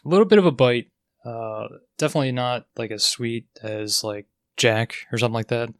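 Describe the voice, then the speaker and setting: A man's voice: mid-range voice, brisk, clean tone, no echo. A man co-hosting a casual podcast, rambling and laughing easily. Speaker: podcast co-host.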